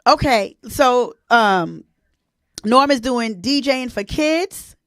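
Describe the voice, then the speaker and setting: A woman's voice: a little high, expressive, slow, fairly bright tone, no room sound. Chatty, emotional woman in her forties. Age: 40s. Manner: chatty and emotional, addressing viewers as y'all. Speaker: host. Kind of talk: casual live-stream chat.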